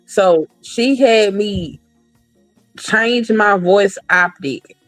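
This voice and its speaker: A woman talking in a casual podcast chat, blunt and profane, telling animated stories. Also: mid-range voice, drawn-out words, no room sound, faint music behind, poor audio.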